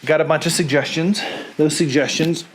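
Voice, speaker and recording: A Southern US man with a slightly high voice hosts a live stream from his home. He talks in a rambling, self-deprecating way, with plenty of asides. He speaks to a camera on a stand. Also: steady tone, normal speed, slight background noise. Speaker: host. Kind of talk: casual live-stream chat.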